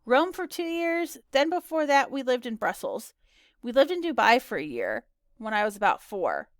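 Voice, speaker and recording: Woman reading as a worldly young girl, breezy and wry, high bright voice, dry close sound. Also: big pitch swings, normal speed, dry recording. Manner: breezy, lightly sarcastic. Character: confident well-traveled young girl, dry humor.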